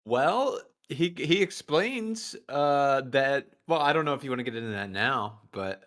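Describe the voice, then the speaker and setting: A man's voice: mid-range voice, animated, a bit bright. A man joking along as a guest on a comedy talk show. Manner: joking, quick interjections.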